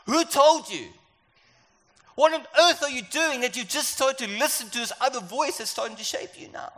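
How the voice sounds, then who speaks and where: A preacher voicing God as an exasperated father calling out to his children, loud and incredulous. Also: extremely high pitch, big pitch swings, a little slow, pitched above the performer's own voice, exaggerated voice. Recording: echoey hall.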